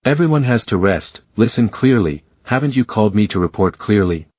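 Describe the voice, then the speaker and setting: A man's voice: fairly low pitch, lively intonation, fairly quick, a little mellow, breathy edge, dry recording, highs cut off. A man voicing an arrogant male third-year resident doctor who scolds and sneers at a junior. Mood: scolding. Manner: scolding, sarcastic.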